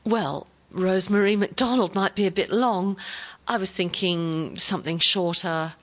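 A woman's voice: medium pitch, steady tone, moderate pace, lightly acted. A woman voicing an ambitious young English wife who talks eagerly and then defiantly. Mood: hopeful.

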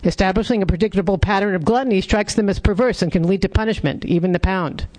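A man's voice: high voice, quick pace, close to an everyday voice. A man voicing a smart male dog lecturing the pack. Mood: instructive. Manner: calm, explanatory, instructive.

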